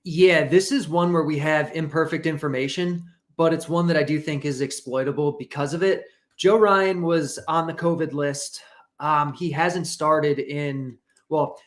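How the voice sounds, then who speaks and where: Thoughtful man explaining betting analysis. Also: a little high. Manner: thinks aloud with fillers, measured and reasoning. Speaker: analyst guest. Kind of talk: casual analytic chat.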